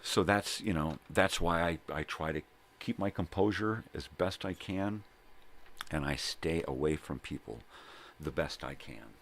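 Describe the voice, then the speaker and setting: Very deep-voiced older man, profane storyteller. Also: measured pace, fairly bright tone. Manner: profane, rambling, keeps adding "right?" and "you know?". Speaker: vlog host. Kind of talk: casual personal storytelling monologue. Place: at home.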